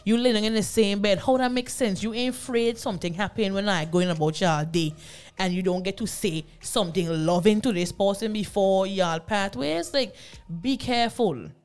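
A woman, co-hosting a casual group chat show and telling a personal story with lively, acted-out quotes. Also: normal speed, clean tone, soft background music. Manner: animated storyteller, acts out quoted lines in a much higher voice. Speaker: podcast co-host.

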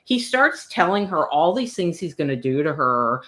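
New lady on a book podcast, low voice, gushy and animated. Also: moderate pace. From New York. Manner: animated, gushing storyteller. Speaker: podcast co-host. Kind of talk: casual chat.

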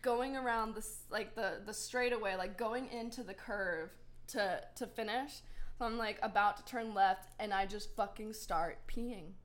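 A woman's voice: mid-range voice, measured pace. A young woman co-hosting a podcast, telling a candid, self-mocking story in a casual way. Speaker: podcast co-host.

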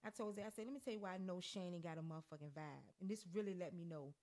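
A woman's voice: lowish voice, very fast. A woman in her forties hosting a podcast, telling stories in casual, profane chat. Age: 40s. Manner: profane, storytelling, animated. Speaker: podcast host.

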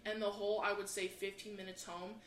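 A woman co-hosting a comedy podcast, telling stories in an animated, profane way and acting out the voices of people in them. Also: medium pitch, brisk. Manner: animated, swears constantly, acts out voices. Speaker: podcast co-host. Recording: roomy echo with faint background hiss.

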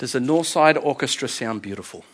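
A man's voice: mid-range voice, lively intonation, brisk, poor audio. An Australian man preaching a sermon as pastor, emphatic, with repeated phrases and restarts.

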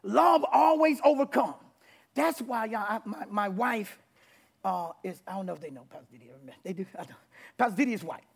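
Man, pastor preaching in church, husky voice, loud and animated. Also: high-pitched, normal speed. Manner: animated preaching with shouts and laughs. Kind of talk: sermon. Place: church in front of congregation.

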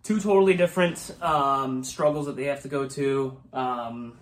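This co-host talks through a movie in an easy, meandering way and often pauses on "um." The voice sits in a middling register. The recording has a noticeable roomy echo. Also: mid-range voice. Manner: relaxed and rambling, with many "um"s. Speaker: podcast co-host. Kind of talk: casual movie review chat. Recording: echoey room.

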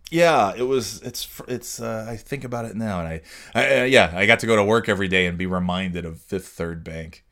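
A man's voice: on the low side, a little fast, hardly any pauses, a bit bright. A man hosting a solo podcast, ranting in a rambling, profane way with frequent restarts. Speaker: podcast host. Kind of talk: casual solo podcast monologue.

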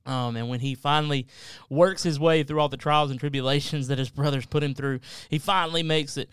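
Earnest man with a smooth voice. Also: a little high, fairly even intonation, brisk, fairly bright tone, dry recording. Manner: earnest, explains with everyday examples. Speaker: podcast co-host. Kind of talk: casual Bible study discussion.

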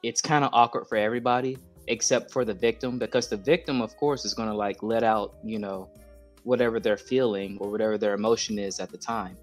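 A man's voice: lowish voice, fairly even intonation, fairly quick, faint music behind. A man chatting on a podcast as a guest, talking in a hesitant, blunt way with many restarts. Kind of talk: casual chat.

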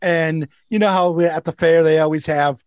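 A man's voice: on the high side, steady tone, normal speed, a little mellow, smooth, dry recording. A man, a co-host telling stories in casual chat, laughing and restarting often. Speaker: co-host, rideshare driver.

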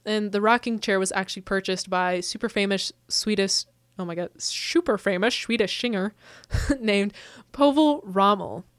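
A woman's voice: mid-range voice, normal speed, hardly any pauses, no room sound, studio quality. A woman co-hosting a podcast in casual chat, telling a story with lots of fillers and laughs. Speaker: podcast co-host.

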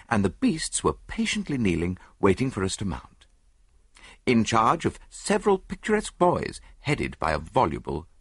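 A man narrates an audiobook in a husky, fairly low voice. His intonation rises and falls widely, and the recording is close and dry with no room sound. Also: fairly bright tone, no room sound. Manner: measured first-person storytelling. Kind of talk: scripted narration.

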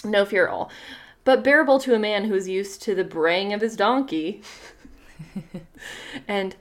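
A woman's voice: mid-range voice, moderate pace, long pauses. A young woman co-hosting a casual podcast, reading a folktale aloud with amused commentary and playful voices. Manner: lively, amused, reads with playful character voices.

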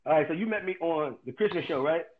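A man telling crude stories in casual banter, loud and often laughing. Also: fairly high pitch, lively intonation, fast talker, muffled recording, crowd noise. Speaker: participant in an online talk room. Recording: loud background noise.

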